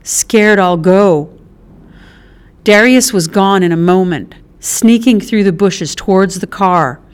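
A woman narrating an audiobook in a measured, expressive way. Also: mid-range voice, clear, resonant tone. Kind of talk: scripted narration.

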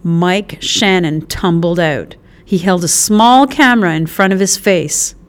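Brief: slow, smooth-voiced woman reading a novel aloud. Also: on the low side. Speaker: audiobook narrator. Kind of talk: scripted narration.

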